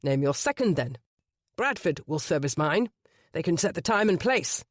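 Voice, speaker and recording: A narrator voicing a smug, condescending older gentleman villain in an audiobook. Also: a little high, expressive, normal speed, no echo, clean studio sound. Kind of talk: audiobook character voice.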